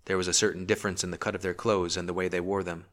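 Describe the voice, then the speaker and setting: A man narrating a historical novel as an audiobook in a steady, measured reading. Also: sits low. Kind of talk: scripted narration.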